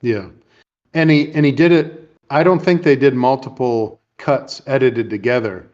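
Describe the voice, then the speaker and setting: A man's voice: medium pitch, a little mellow, highs cut off. A man hosting a casual chat, retelling movie scenes in a rambling way and briefly voicing the characters. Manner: rambling, retells scenes with quick put-on lines. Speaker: podcast host.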